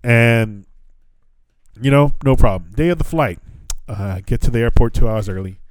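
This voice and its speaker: A man's voice: mid-range voice, moderate pace, no echo. A man, a podcast host in his thirties from the United States, telling a long travel story in casual chat, swearing often and acting out both sides of the conversations. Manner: profane storytelling with laughs and quoted dialogue.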